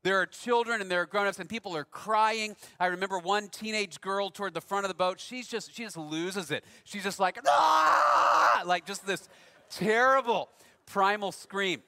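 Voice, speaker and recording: A man preaching a sermon, telling a personal story in a relaxed, conversational way with dry self-deprecating humor. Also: high-pitched, normal speed, long reverb tail. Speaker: pastor.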